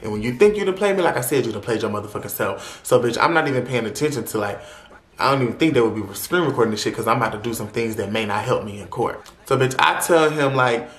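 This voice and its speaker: A man's voice: medium pitch, quick pace. Young male vlogger, brash profane storyteller, roomy echo on the recording. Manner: animated, profane, dramatic storytelling. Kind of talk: storytime vlog.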